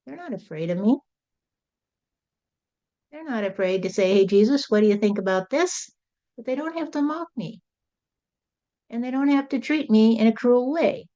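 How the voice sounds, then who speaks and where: A woman's voice: on the high side, moderate pace, long pauses, warm tone, lightly acted. A woman channeling a folksy, rambling Jesus. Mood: earnest. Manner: folksy, rambling, repeats "you see". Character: Jesus as a folksy, frank male spirit. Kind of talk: channeled spirit talk. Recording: dull lo-fi recording.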